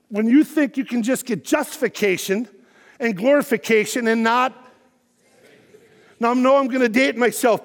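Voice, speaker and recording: A middle-aged man preaching a sermon to his congregation, emphatic and building to shouted peaks. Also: extremely high pitch. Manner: emphatic preaching, shouting at peaks, quiet when telling personal story. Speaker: pastor. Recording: long hall reverb.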